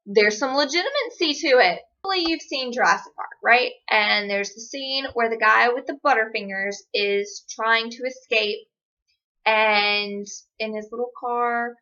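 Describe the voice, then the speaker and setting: Young gal vlogging, kinda high voice, snarky chatty stories, muffled lo-fi sound. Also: female voice, normal speed, bright, forceful tone. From Georgia, USA. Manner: chatty, sarcastic storytelling. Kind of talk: casual chat. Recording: dull lo-fi recording.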